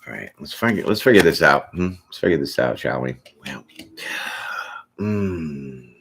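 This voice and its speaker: Guy doing a laid back tarot reading, husky gravelly voice, jokey and laughing a lot. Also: rumbling low, lively intonation, moderate pace, fairly bright tone. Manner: chatty, laughs often, jokes and acts out little bits. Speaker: tarot reader. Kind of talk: casual live tarot reading.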